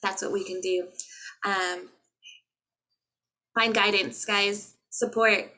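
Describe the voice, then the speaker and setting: A woman's voice: medium pitch, fairly even intonation, takes it slowly, bright, forceful tone, poor audio. A woman, a spiritual healer, talking to her viewers in a casual, earnest and motivational way, recorded on a laptop mic. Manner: earnest, motivational, with chanted light language. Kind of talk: casual spiritual vlog talk.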